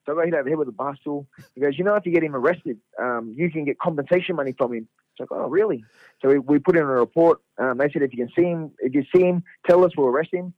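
A middle-aged Australian man, a fighter guest, telling a story in a casual, animated way, laughing and swearing freely. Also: on the high side, fast, dry recording. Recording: dull lo-fi radio sound.

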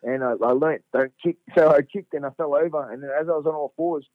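A middle-aged Australian man, a fighter guest, telling a story in a casual, animated way, laughing and swearing freely. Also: a little high, fast, no room sound. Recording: dull lo-fi radio sound.

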